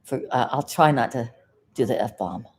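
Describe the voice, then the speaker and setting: A woman from South Florida chatting casually to camera as a vlogger, folksy and rambling, with sudden loud outbursts followed by sheepish apologies. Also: very deep voice, expressive, moderate pace. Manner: folksy, talks aside to her dog.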